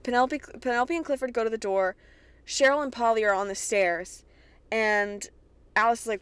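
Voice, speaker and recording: A young woman from Kentucky hosting a podcast, recapping a TV episode in an excitable, chatty way with plenty of swearing. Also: on the high side, moderate pace, clear, resonant tone. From Kentucky, USA. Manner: chatty, profane, excitable retelling. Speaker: podcast host.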